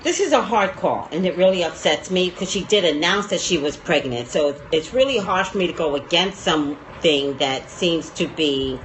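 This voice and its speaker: A woman hosting a psychic show, chatting and giving card readings in an animated, opinionated way. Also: fairly low pitch, moderate pace, hardly any pauses, slight background noise, low-quality recording. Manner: animated, opinionated, laughs often. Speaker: psychic host. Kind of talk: casual gossip chat with card readings.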